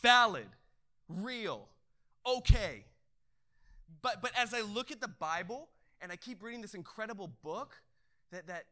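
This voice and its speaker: A male pastor delivers a lively sermon in a strikingly high voice. His tone is bright and forceful. He trips over restarts in his excitement and often surges into shouting. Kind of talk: energetic sermon.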